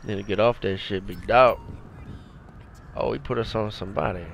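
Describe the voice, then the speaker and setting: A man's voice: on the low side, normal speed, gravelly, highs cut off, slight background noise. A man giving casual, slangy, laid-back commentary while playing a video game. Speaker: gameplay commentator.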